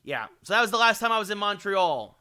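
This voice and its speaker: A man's voice: high voice, fast, clean tone. A man chatting with his livestream viewers while calling hockey play-by-play in a video game. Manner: chatty, switching to excited hockey play-by-play calls. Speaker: streamer. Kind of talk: livestream gaming chat with play-by-play.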